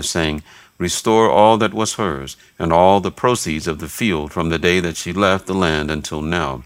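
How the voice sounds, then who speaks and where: A man giving a steady, measured reading of scripture, voicing narration and quoted speech alike. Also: deep voice, no room sound. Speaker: scripture reader.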